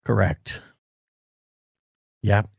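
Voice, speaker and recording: A man's voice: drawn-out words, dry recording, studio quality. A man co-hosting a podcast, telling a rambling story in casual chat and stopping to search for words. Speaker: podcast co-host. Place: Los Angeles.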